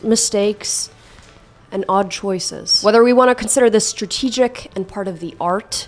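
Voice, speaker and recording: Sarcastic woman in her late twenties. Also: mid-range voice. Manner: sarcastic, self-deprecating, animated. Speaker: commentary YouTuber. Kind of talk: comedic commentary.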